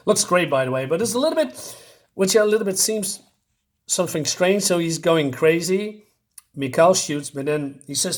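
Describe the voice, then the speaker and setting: A man reviewing a comic book in a loose, rambling way, paraphrasing panels with lots of fillers. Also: fairly high pitch. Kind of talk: casual solo review.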